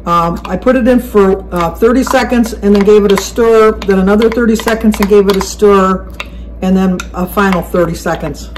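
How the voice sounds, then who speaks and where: A woman's voice: mid-range voice, moderate pace, a little mellow, slight background noise, poor audio. A woman hosting a casual home cooking video, chatty and correcting herself mid-sentence as she explains each step in her kitchen. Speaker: cooking channel host.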